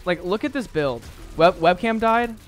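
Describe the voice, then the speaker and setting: Soft background music plays as a gaming streamer narrates his let's-play in a high, expressive voice at a normal pace. His casual commentary runs constantly, frequently exasperated and self-mocking.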